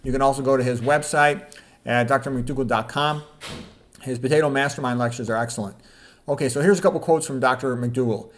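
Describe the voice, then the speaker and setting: A man's voice: mid-range voice, steady tone, fast. A male doctor reading aloud from his own book in a casual way, with spoken asides to the listener. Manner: chatty, asks listeners "okay?" and "all right?".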